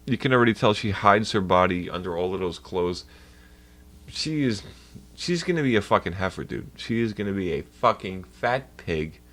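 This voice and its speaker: A man's voice: low voice, animated, moderate pace, a bit bright. A man livestreaming and ranting in a heated, profane way to his chat. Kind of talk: casual livestream rant.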